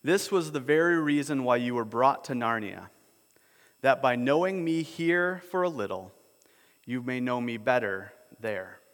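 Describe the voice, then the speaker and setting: Aslan, a gentle solemn lion, as a man reads him aloud. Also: mid-range voice, measured pace, lightly acted. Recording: long hall reverb.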